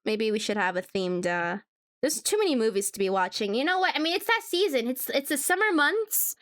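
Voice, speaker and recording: Woman VTuber, slightly high voice, casual drawing-stream chatter, giggly, hums along. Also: expressive, brisk, a bit bright. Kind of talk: casual live-stream chat while drawing.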